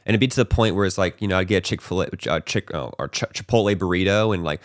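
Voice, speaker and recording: Speaking very fast in a low voice, a man hosts a podcast and shares a personal story, constantly tossing in "like," "bro," and tag-on "right?"s. The recording is dry and studio-clean. His loose, conversational telling turns animated as he re-enacts how panicked he once was.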